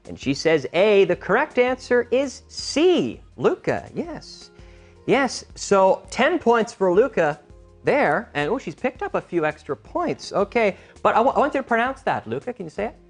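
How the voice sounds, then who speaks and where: An energetic man with a high-sitting voice hosts a game show that teaches English, speaking at normal speed with lively, up-and-down intonation. He is teacherly, drilling contestants and stressing intonation, while faint music plays underneath.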